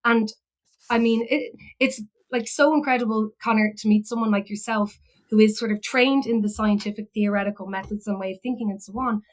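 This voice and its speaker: A woman's voice: medium pitch, steady tone, fairly quick, rough recording. An Irish woman, a philosophy educator, telling a personal story in a rambling way, full of fillers and restarts. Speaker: podcast guest, philosophy educator.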